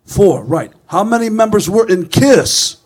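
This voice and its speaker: A male comedian impersonating a pompous, self-promoting middle-aged male rock star, speaking slowly and deadpan as if making a sales pitch. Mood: smug. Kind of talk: stand-up comedy impression.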